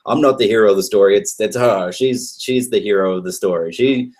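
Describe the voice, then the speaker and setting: A man from Australia who is a guest on a podcast, talking in a relaxed, rambling way with many restarts. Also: on the low side, fairly quick. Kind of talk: casual podcast chat.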